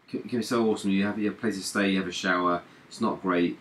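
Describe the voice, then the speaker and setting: Low-pitched male stream host, rambling casual chat. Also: steady tone, fast, a bit bright, a little hiss or hum. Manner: rambling, repeats words, laughs often.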